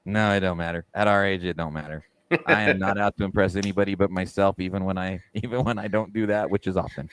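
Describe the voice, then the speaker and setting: A man's voice: deep voice, fairly even intonation, fast, smooth, no echo. A middle-aged man co-hosting a podcast, joking and laughing in casual chat. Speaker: podcast co-host.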